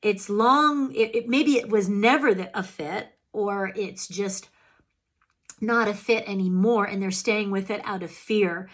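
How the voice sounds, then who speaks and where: A woman coaching on emotional healing in an earnest self-help talk. She speaks to the listener directly and jumps up in pitch when acting out her own feelings. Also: a little slow, fairly bright tone.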